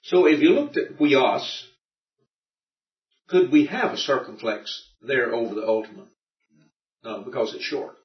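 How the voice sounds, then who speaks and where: A man's voice: medium pitch, a little slow, pauses often, far from the mic. A man teaching a Greek grammar class, patiently explaining and checking that his students follow. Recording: dull roomy recording from afar.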